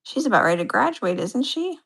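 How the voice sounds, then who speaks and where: A woman co-hosting a casual chat, unhurried, teasing and easily amused. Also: on the high side, sing-song, gravelly, a bit bright, husky. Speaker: co-host.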